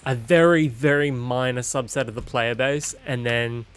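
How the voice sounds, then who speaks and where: A man's voice: medium pitch, fairly even intonation, normal speed, fairly bright tone, clear, resonant tone. A man streaming a game and giving blunt, profane, opinionated commentary in a casual chat. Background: game music.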